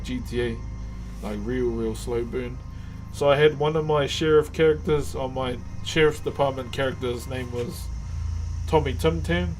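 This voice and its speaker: A man's voice: on the high side, a little mellow. A man with a New Zealand accent chatting casually with viewers on a live stream, easygoing and calling everyone bro. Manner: laid-back, calls viewers brother and bro.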